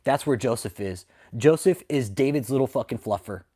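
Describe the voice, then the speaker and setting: A man hosts a livestream and rants in heavy profanity, his voice sitting in an ordinary middle range. He calls out his target by name, jumps to sudden loud bursts of anger, then drops back to muttering asides for his live chat. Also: mid-range voice, moderate pace, breathy edge. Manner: angry, profane ranting with sudden loud outbursts; reads and answers live chat. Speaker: livestream host.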